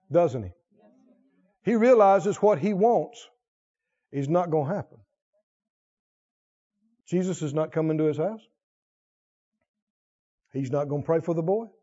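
A man preaching a sermon in call-and-response style, repeating lines and swinging from hushed to loud. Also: on the high side. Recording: dull lo-fi recording.

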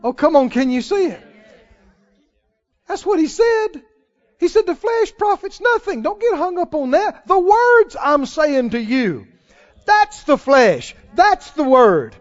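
A man preaching a sermon as a pastor, animated, laughing often and calling out to the congregation. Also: very high voice, takes it slowly, highs cut off.

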